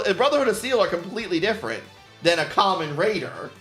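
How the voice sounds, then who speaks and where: A man's voice: a little high, very animated, fairly quick, a bit bright, reverberant, soft background music. A man streaming casually, rambling and swearing with frequent laughter. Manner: rambling, profane, laughs often. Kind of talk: casual chat while painting.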